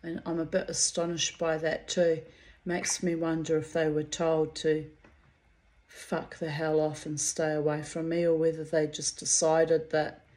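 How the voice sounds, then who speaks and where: A middle-aged woman talks her way through a personal oracle card reading in a low, deep voice. She speaks slowly and unhurriedly, rambling and repeating words as she goes. She fondly calls her listeners darlings and babies. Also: mellow. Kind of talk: casual personal reading monologue.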